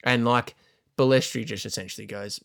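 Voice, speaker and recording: A man's voice: lowish voice, steady tone, brisk, gravelly, fairly bright tone. A man co-hosting a casual podcast chat, retelling scenes like a storyteller. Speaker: podcast co-host.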